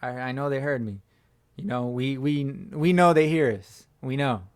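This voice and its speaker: A man hosting his own fan channel, hoarse from screaming, giving a slangy sports reaction chat as if talking to a buddy. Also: medium pitch, normal speed. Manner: slangy, talks like chatting with a buddy. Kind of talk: casual sports reaction talk.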